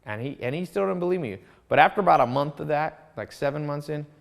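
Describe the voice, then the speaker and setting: A man teaching a course in a casual monologue, telling stories with lively asides and restarts. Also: on the high side, fast, vocal fry. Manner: storytelling, animated, with asides and restarts. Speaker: course instructor.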